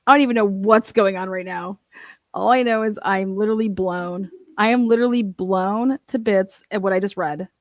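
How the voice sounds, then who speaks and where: A woman hosts a casual true crime livestream, swearing freely, laughing and reading court documents aloud as she comments. Her voice is medium-pitched at a moderate pace, with no echo.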